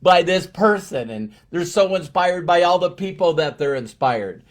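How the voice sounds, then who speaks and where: A man's voice: sits high, animated, normal speed. A middle-aged man giving an emphatic motivational talk to his team, repeating key phrases for effect. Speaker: motivational speaker.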